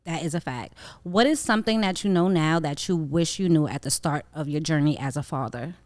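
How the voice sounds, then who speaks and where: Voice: medium pitch, a little fast, no room sound, clean studio sound. A podcast co-host in casual chat who asks questions and chimes in with short affirmations.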